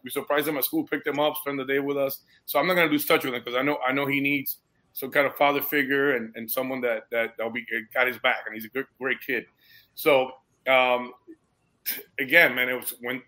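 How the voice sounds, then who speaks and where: The speaker is a male guest and foster parent with a medium-pitched voice. Chatting casually and with animation, he recounts a story, peppers it with "dude" and "bro," and gets visibly moved.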